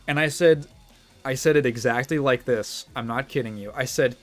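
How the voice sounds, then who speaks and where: A man's voice: mid-range voice, steady tone, normal speed, faint music behind. A man with a Midwestern accent chatting casually as a streamer, rambling, restarting sentences and laughing often. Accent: Midwestern American. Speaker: streamer reacting to a video. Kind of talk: casual chat.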